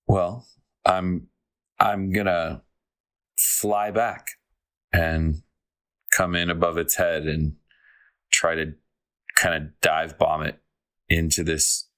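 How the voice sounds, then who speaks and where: A man at a tabletop game with a very low voice. He talks slowly, laid-back and jokey as he lays out his character's moves. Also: level tone, a bit bright. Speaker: player. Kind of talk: casual tabletop play.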